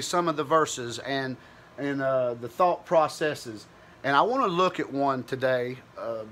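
A man's voice: on the high side, bright, forceful tone. A man giving an informal Bible teaching, thinking aloud in a conversational, searching way with frequent restarts.

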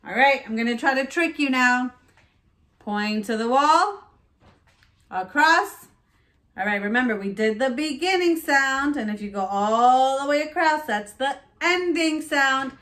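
A woman teaching a phonics lesson to young children, sounding out words slowly and praising them cheerfully. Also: sits high, expressive, fairly bright tone. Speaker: preschool teacher.

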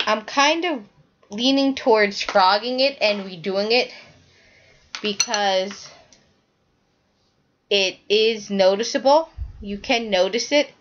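A woman's voice: medium pitch, fairly bright tone, highs cut off. A woman hosting a knitting podcast, chatting casually and rambling as she shows her work to the camera, often correcting herself mid-sentence.

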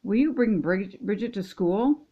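A woman voicing an excited young boy with a high, eager voice, on a dull lo-fi recording. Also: unhurried.

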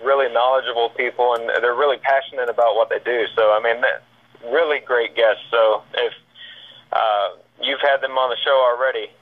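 A Georgia man with a Southern accent, a paranormal investigator, guests on a podcast and chats casually in an easygoing way, repeating words and saying "man" a lot. His mid-range voice is brisk and fairly even, over a tinny phone line.

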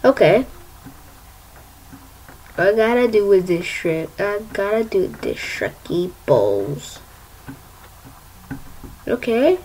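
A woman's voice: mid-range voice, very animated, takes it slowly, pauses often, a little mellow, slight background noise. A woman hosting her own gaming video, talking playfully and chanting silly sound effects as she plays. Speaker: gaming channel host. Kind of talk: casual gameplay commentary.

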